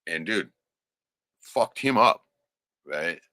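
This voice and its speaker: A man's voice: sits low, expressive, slow pace, pushed and bright, no echo, clean studio sound. A middle-aged man telling stories from his life in a rambling, profane way, often ending lines with "right?". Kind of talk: casual storytelling.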